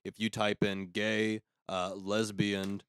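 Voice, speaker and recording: A man's voice: on the low side, flat delivery, slow, fairly bright tone, clear, resonant tone. A young man hosting a casual podcast, opinionated and sarcastic, cutting in to finish his thoughts. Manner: opinionated, sarcastic, talks over co-host. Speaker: podcast host. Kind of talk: casual ranting chat.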